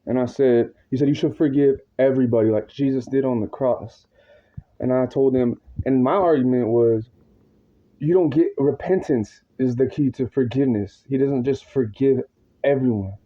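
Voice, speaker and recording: A worked-up man rants to the camera in a long, rambling monologue, swearing freely and tossing in slang as he circles back over his point. His voice sits in an ordinary middle pitch. The audio is dull and a little lo-fi. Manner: agitated, profane, rambling with slang asides.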